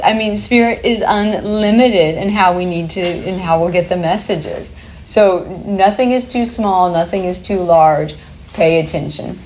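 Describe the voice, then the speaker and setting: Woman, workshop presenter; lowish voice, chatty and upbeat, faint noise under her. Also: darkish tone. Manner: chatty, upbeat, laughs easily. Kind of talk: workshop talk to a live group.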